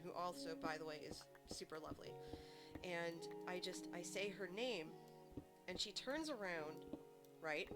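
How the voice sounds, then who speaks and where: A woman game streamer chatting casually to her viewers and telling stories in an animated way. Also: on the low side. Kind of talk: casual chat. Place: home streaming setup. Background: background music.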